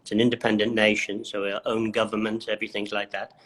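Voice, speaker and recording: A man from the Isle of Man, a chef being interviewed, talking in a relaxed and modest way. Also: lowish voice, fast talker. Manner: relaxed, modest, many fillers. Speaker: chef, guest. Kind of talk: casual interview chat.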